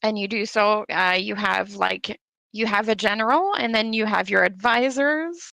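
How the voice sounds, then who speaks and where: Gravelly woman explaining a board game. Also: mid-range voice, moderate pace, bright, forceful tone, no echo. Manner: explains with lots of fillers and restarts. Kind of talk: casual chat during an online board game.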